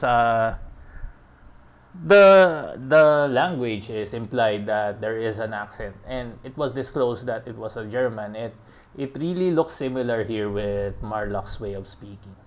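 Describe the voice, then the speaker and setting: A man giving relaxed, chatty commentary as he plays through a video game, often laughing. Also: medium pitch, takes it slowly. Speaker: gaming podcast host.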